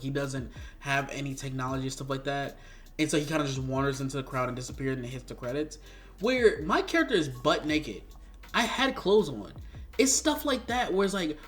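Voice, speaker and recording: A young man giving a casual, frustrated spoken game review, ranting with lots of fillers and restarts. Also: a little high.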